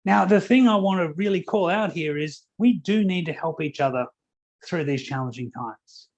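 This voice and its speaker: A man speaks at a company conference in a slightly higher register. He tells stories informally, stopping on "uh" and "um" as he motivates the room. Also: normal speed, a little mellow, lo-fi sound. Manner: conversational storytelling with fillers. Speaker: keynote speaker.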